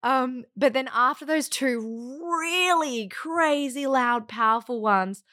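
A woman in her thirties, a podcast guest, telling a personal story in a lively, casual way, acting out sounds and laughing often. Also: high-pitched, takes it slowly, no room sound, clean studio sound. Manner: animated, acts out quotes and sounds.

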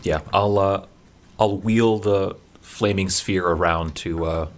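A man's voice: deep voice, steady tone, takes it slowly. A man playing a tabletop game, talking hesitantly with many uhs. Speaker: player. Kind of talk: casual tabletop play.

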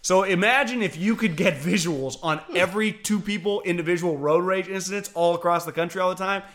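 A man co-hosting a relaxed podcast, with a high voice and a bright, forceful tone. He tells stories with animation and swings from easygoing to loud and heated. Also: fairly quick. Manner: animated storyteller, swings between laid-back and shouty. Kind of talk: casual podcast chat.

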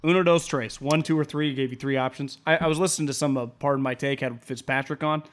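A man's voice: mid-range voice, steady tone, fast. A man co-hosting a sports podcast, talking football in a rambling, opinionated way and laughing often. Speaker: podcast co-host. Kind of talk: casual sports podcast chat.

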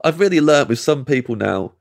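An English comedian telling a long anecdote as a podcast guest, acting out the people in it and laughing mid-sentence. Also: male voice, fairly high pitch, a little fast, vocal fry. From England. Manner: animated, acts out quoted voices, laughs mid-sentence. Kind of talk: storytelling anecdote.

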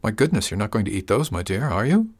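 A man's voice: on the low side, very animated, fast talker, husky, exaggerated voice. A man voicing a kindly old herbalist woman. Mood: gentle. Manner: gentle, reassuring, homely. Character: kindly older woman herbalist, motherly and wry.

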